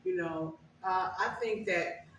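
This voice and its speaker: A woman's voice: lowish voice, takes it slowly, fairly bright tone, slight background noise. An older woman giving a conversational personal testimony as a guest speaker, telling stories with emphasis. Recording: very echoey room, far from mic.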